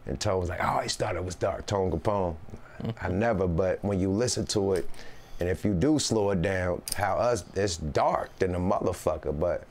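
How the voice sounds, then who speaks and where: With a low, slightly mellow voice at a moderate pace, this rapper guest rambles loosely through a casual interview chat. He drops Northern California slang and repeats "you know what I mean" constantly.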